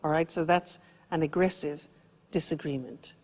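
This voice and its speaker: A woman teaching English phrases for agreeing and disagreeing, explaining slowly and clearly. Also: low-pitched, darkish tone. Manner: slow, clear teaching delivery. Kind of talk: language lesson explanation. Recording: long hall reverb.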